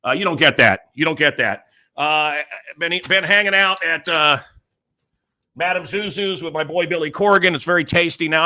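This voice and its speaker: Male show host, rambling loose monologue, fairly high and bright-toned, hops between topics. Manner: rambling, jumps between topics with many fillers. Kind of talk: casual monologue.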